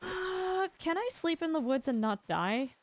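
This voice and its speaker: A woman's voice: very high-pitched, big pitch swings, unhurried. A young woman streaming a survival game live, chatting through her play and greeting viewers by name.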